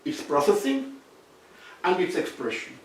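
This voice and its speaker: A man's voice: sits high, sing-song, unhurried, far from the mic, slight background noise. Man lecturing in a very echoey room. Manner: explanatory, circling back to rephrase points. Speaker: seminar speaker. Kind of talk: academic lecture. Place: seminar room. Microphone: distant room mic.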